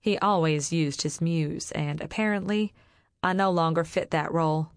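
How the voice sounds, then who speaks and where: A woman reading a novel aloud in a steady, measured storytelling voice. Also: low voice, no room sound, studio quality. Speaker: audiobook narrator. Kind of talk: scripted narration.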